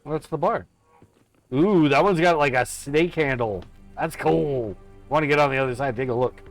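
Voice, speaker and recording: A man's voice: on the high side, moderate pace, faint music behind. A man streaming a horror game live, commenting as he explores and making playful, mock-dramatic asides to himself.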